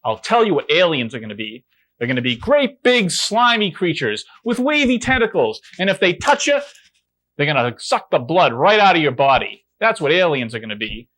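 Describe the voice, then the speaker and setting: A man's voice: fairly high pitch, sing-song, moderate pace, a bit bright. A man, the show's producer and host, delivering an indignant, sarcastic comedic rant to camera.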